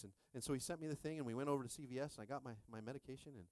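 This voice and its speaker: A man in his thirties preaching with lively, jokey energy, often jumping high in pitch as he acts out his own stories. The sound is dry and close. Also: racing, hardly any pauses, no echo. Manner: animated, jokey preaching with call-and-response. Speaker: pastor. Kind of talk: sermon.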